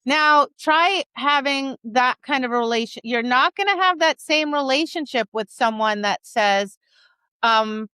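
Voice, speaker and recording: A woman dog trainer co-hosting a podcast, talking in an animated casual chat, often asking "right?" and acting out quoted lines. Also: a little high, moderate pace, smooth, no echo, clean studio sound. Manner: frequent "right?" and "like".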